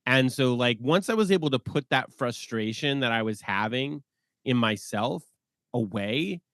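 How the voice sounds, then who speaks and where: A man in his forties, a podcast guest telling stories in an animated way and laughing often. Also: medium pitch, measured pace, no echo, clean studio sound. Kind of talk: casual podcast conversation.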